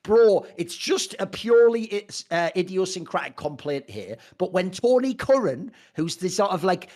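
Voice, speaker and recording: Man, film podcast co-host, profane ranting, high voice, lively swings in pitch. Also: normal speed. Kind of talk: casual chat.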